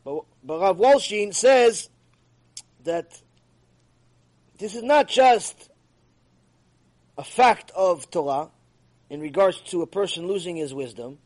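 A man giving an animated, emphatic ethics lecture as a Torah teacher. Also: high-pitched, slow pace, pauses often.

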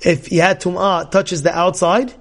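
Rabbi guy, pretty high voice, gets loud and emphatic, keeps asking questions. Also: normal speed. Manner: emphatic, animated, loud outbursts and rhetorical questions. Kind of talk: Torah class.

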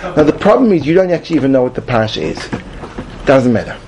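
A man's voice: medium pitch, very animated, fast talker, background noise. A man giving a rambling, tongue-in-cheek class, with lots of restarts and filler words. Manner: rambling, repeats and restarts, frequent "like". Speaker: comedic class presenter. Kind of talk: mock-instructional comedy talk.

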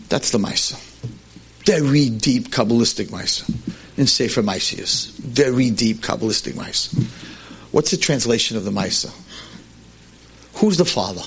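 A man teaching a class, telling a tale in an animated, emphatic way. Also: medium pitch, moderate pace, long pauses, breathy edge. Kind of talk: storytelling lecture.

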